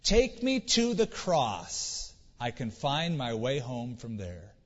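A man's voice: medium pitch, huge pitch swings, takes it slowly, big-room sound, lo-fi sound, heavily acted. A man voicing a small lost boy who pleads to be taken home, in a sermon story. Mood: relieved.

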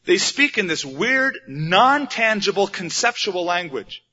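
A man's voice: sits high, very animated, unhurried, bright, forceful tone. A man preaching a sermon as a pastor, plain-spoken and conversational, asking the audience rhetorical questions. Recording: dull lo-fi recording.

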